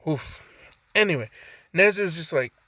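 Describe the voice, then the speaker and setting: A man's voice: a little high, pushed and bright, no room sound, studio quality. A man telling an improvised story in a laid-back, rambling way, full of "like" and casual swearing.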